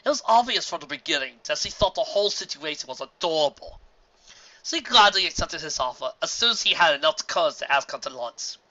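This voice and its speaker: Lady reading a story, lively, bright, muffled audio. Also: sits low, fairly quick. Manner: animated, expressive narration. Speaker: narrator. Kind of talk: audiobook reading of fan fiction. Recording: dull lo-fi home recording.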